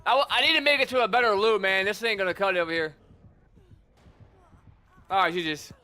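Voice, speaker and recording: A young man streaming a game, talking casually and excitably, swearing and calling people bro and dude. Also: sits high, a little fast, clean tone. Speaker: gaming streamer. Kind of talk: casual gameplay commentary.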